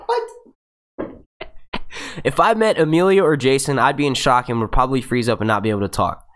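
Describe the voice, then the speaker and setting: A man's voice: medium pitch, quick pace, fairly bright tone. A man in his twenties, hosting a channel and casually answering live chat in a rambling way, with frequent restarts.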